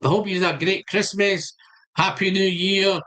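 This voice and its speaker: A man's voice: high-pitched, fairly even intonation, normal speed, pushed and bright. A Scottish man hosting a live stream, chatting casually and greeting viewers by name. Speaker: whisky channel host.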